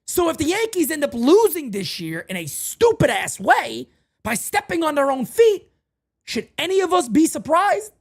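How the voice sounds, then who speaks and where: Male sports-talk host with a high, lively voice. Emphatic and repetitive, with wide swings in pitch. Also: vocal fry. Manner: animated and emphatic, repeats phrases. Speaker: podcast host.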